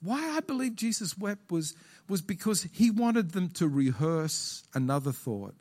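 Male pastor, high-ish voice that swoops a lot; preaches in an auditorium, repeats lines, quizzes the congregation. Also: measured pace. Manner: animated preaching, repeating key phrases, questioning the congregation. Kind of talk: sermon.

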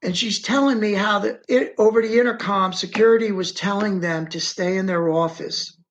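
Interviewed as an eyewitness, a man recounts events in dramatic first person, stressing his words and stopping to guide someone moving a map on screen. His voice is high-pitched and a bit bright, and the audio sounds dull.

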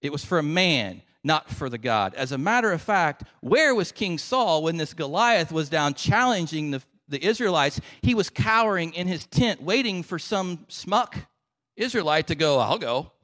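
A man's voice: on the high side, expressive, normal speed, a bit bright, long reverb tail. A man preaching a sermon and retelling a story in a conversational way, with casual asides. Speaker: pastor.

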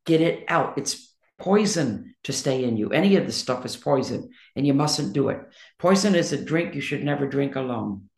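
A woman's voice: extremely low pitch, lively intonation, normal speed, few pauses, darkish tone, echoey room. A woman being interviewed about her writing, talking in an emphatic, blunt and outspoken way. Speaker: interview guest, poet and songwriter. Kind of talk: candid conversational interview.

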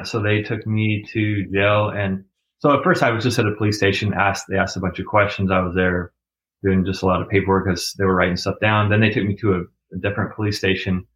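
Low-voiced man, slightly muffled recording. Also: fairly bright tone. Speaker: interview guest. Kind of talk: casual storytelling.

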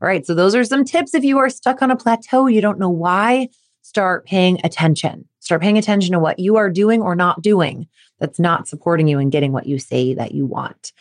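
A woman host of a sport-coaching podcast, speaking casually straight to her listeners. She keeps an easy, conversational flow and slips into brighter, playful voices when she acts out what a parent might say. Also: lowish voice, normal speed. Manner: animated, acts out quoted questions in a lively voice. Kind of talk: casual solo podcast talk.

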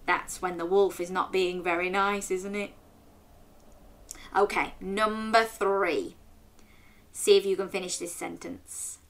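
A woman hosting a children's story and quiz show, speaking in a sing-song, drawn-out way for young listeners. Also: mid-range voice, steady tone, pushed and bright. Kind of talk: playful read-aloud quiz for children.

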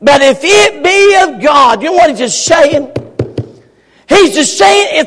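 High, gravelly shouting preacher. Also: male voice. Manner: emphatic, folksy preaching, often shouted. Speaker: pastor. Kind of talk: sermon. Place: church sanctuary. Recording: long hall reverb.

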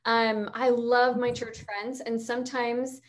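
Woman podcast host, slightly high voice, chatty and rambly. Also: flat delivery, slow pace. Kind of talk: casual chat.

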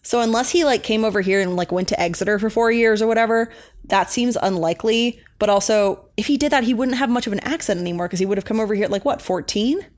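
A woman's voice: mid-range voice, fast talker. Young woman co-hosting a podcast, rambly and chatty, lots of ums and likes. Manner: chatty, rambling, many fillers. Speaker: podcast co-host. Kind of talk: casual recap chat.

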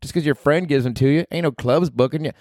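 A man putting on the voice of a rough, foul-mouthed young woman from the rural Ozarks, with a put-on drawl, sneering and swearing. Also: on the high side, fast, a little mellow, no room sound, studio quality, pitched above the performer's own voice, lightly acted. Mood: scornful.

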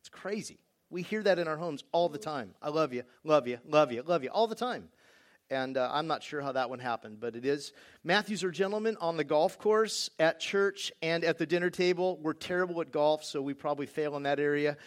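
A middle-aged father with a somewhat high voice talks casually about his family's rules. He is wry and easygoing, and his talk is loose and full of small fillers. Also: a little fast. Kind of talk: personal talk on parenting.

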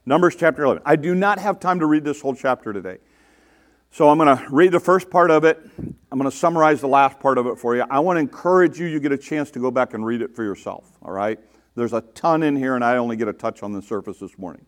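A man's voice: mid-range voice, animated, fast. A man preaching a sermon, reading scripture aloud and stopping often to explain it, acting out the quoted complaints with exasperation. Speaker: pastor.

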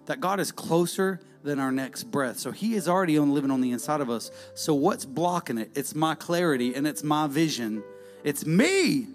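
A man preaching in a high, gravelly voice. He repeats his phrases in call-and-response style, sometimes shouting and sometimes singing his lines. Faint music plays underneath. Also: very animated, normal speed. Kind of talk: sermon.

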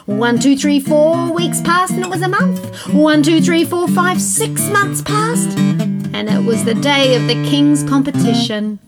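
A woman telling a story to children, animated, gasping and asking the children questions as she goes. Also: sits high, measured pace. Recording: loud guitar music behind. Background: guitar music.

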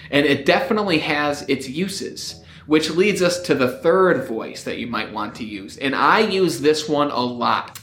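Male speaking coach, energetic and upbeat, high swooping delivery, roomy echo. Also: measured pace, few pauses. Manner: energetic, rising upbeat intonation. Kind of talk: upbeat motivational teaching to camera.

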